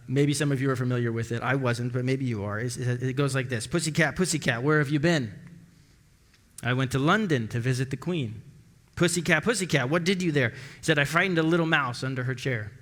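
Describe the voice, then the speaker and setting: A man preaching a sermon as pastor, telling stories and acting out the dialogue with lively shifts of voice. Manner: storytelling, acting out dialogue with rising pitch. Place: church sanctuary. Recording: long church hall reverb.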